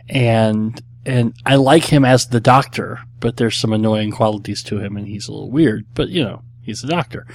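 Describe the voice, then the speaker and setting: A middle-aged man hosting a podcast, answering listener questions in a casual, blunt, rambling way with many fillers. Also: medium pitch. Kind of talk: casual chat.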